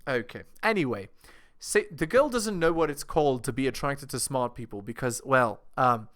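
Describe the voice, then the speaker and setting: A man's voice: mid-range voice, lively intonation, moderate pace, fairly bright tone. A man giving reaction commentary to his viewers, lecturing and asking them rhetorical questions. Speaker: video commentator.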